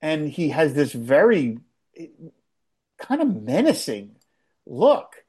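A man in casual conversation, rambling and animated as he recaps a television episode, with frequent restarts. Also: on the high side, takes it slowly, husky. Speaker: podcast co-host. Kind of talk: casual chat.

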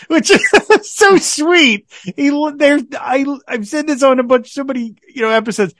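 A man co-hosts a podcast, animated and quick to laugh as he retells scenes and quotes the characters. His voice sits a little high, and the sound is dry and close, with no room around it. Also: no room sound. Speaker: podcast co-host. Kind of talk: casual chat recapping a TV episode.

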